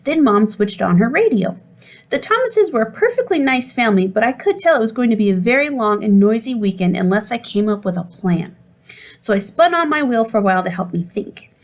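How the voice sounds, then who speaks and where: Expressive woman reading a storybook. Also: a little high, brisk. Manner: expressive, puts on character voices. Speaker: audiobook reader. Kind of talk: storybook narration.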